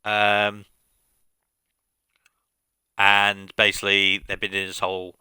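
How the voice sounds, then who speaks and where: A man's voice: lowish voice, monotone, slow, bright, forceful tone, smooth, no room sound. A man streaming a game, recapping at length in casual commentary, with frequent fillers and restarts.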